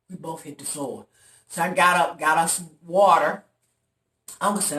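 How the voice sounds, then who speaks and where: A woman's voice: fairly low pitch, slow, pauses often. A woman vlogger telling a long story to her viewers in a casual, dramatic way, acting out the voices of the people in it. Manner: animated, dramatic retelling with loud quoted voices. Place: room in an apartment. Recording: echoey room, voice off-mic.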